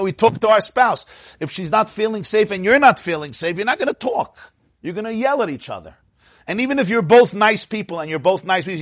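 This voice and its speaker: A man teaching a Torah class in a lively, questioning way, dropping Hebrew and Yiddish terms as he goes. His voice sits a little high. The sound is dry and close, with no room echo.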